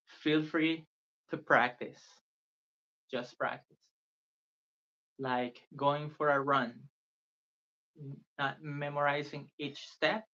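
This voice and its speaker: A man's voice: on the high side, bright, forceful tone. A man teaching a beginner language lesson on a live stream, patient and earnest, repeating phrases for viewers to copy. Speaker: Spanish tutor. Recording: dull lo-fi sound.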